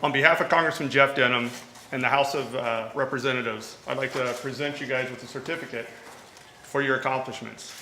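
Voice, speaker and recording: A man's voice: mid-range voice, fairly even intonation, fairly quick. A man presenting a certificate on behalf of a congressman, in brief plain remarks. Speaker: congressman's representative. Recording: echoey event with crowd and noise.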